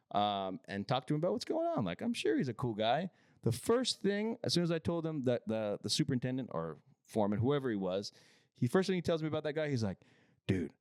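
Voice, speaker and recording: A man tells a job-site story with loads of swearing, his pitch leaping up and down as he mimics coworkers and customers. The sound is close and dry, with no room echo. He comes across casual and blunt. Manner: profane, animated, acts out other people's lines. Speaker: podcast host telling a work story.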